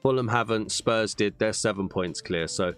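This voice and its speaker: A young man calls a football video game in a bright, clear voice, with faint music underneath. He swings from shouting at goals to low, frustrated muttering. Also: moderate pace. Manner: animated, bursts into shouts at goals; mutters and grumbles when frustrated. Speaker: gaming YouTuber. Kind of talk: gameplay commentary.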